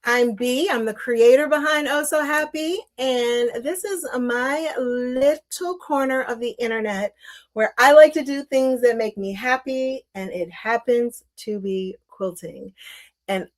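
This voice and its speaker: A woman's voice: fairly high pitch, a little slow. A woman hosting a live quilting stream, chatting casually and welcoming viewers while she sews, with frequent fillers. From Northern Virginia.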